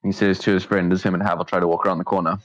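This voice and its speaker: A man running a tabletop game as game master, relaxed and joking with quick asides. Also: low-pitched, no room sound. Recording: dull lo-fi stream audio.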